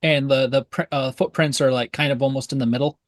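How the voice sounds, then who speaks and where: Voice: mid-range voice, steady tone, fast, dry recording. A player in a tabletop game, asking questions hesitantly with many fillers.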